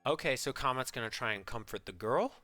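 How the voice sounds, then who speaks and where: Bright, animated game master. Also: male voice, mid-range voice, brisk, no room sound, soft background music. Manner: animated, chatty, with many fillers. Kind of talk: narrating a tabletop game.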